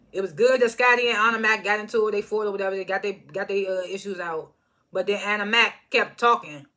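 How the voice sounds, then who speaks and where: A woman with a medium-pitched voice that sounds pushed and bright chats through a casual reality TV recap. Laughing frequently, she mimics the people on the show.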